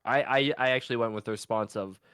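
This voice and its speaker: A young man with a stuffed-up cold co-hosts a podcast in a dry, playful tone. His voice sits at a middle pitch. It is recorded close and dry, with no room echo. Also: fairly even intonation, quick pace, fairly bright tone, clean tone. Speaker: podcast co-host, middle school teacher. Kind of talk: casual chat.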